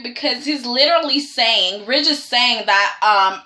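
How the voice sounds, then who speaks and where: A chatty woman with a high, bright voice recaps a soap opera for her vlog, leaning on "okay" and "like". She talks at an unhurried pace in an echoey room. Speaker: soap opera review vlogger.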